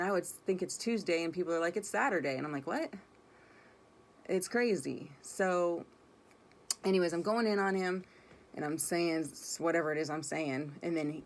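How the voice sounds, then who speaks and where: A woman's voice: on the low side, a little hiss or hum. A woman telling a personal story in a casual, rambling way, blunt and swearing freely. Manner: rambling, self-correcting delivery.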